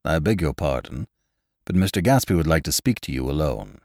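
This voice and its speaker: A man's voice: very deep voice, big pitch swings, fairly quick, gravelly, darkish tone, no room sound, studio quality, voice pushed down, heavily acted. A man voicing a stiff, formal male butler in a story reading. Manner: formal, polite.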